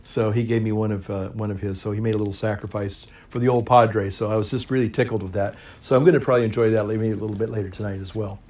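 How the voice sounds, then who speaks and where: A middle-aged man, a priest, chatting casually to camera in a relaxed, rambling way, chuckling often and pausing to puff on his pipe. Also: fairly low pitch. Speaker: priest and pipe-smoking video host.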